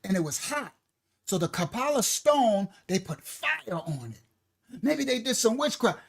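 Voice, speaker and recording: A woman teaching scripture on a livestream, animated and joking, with slangy asides and a loud, forceful delivery. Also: on the high side, a little slow, gravelly, slightly rough. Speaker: ministry teacher.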